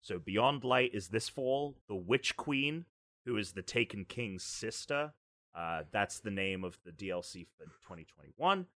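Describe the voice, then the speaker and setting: A man's voice: lowish voice, lively intonation, measured pace, sharp tone. A man in casual chat, laying out game release plans matter-of-factly.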